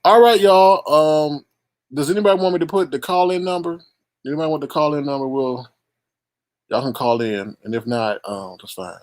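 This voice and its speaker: A man's voice: a little high, a little fast, a little mellow. A man hosting a casual live stream who rambles, repeats himself and teases his callers.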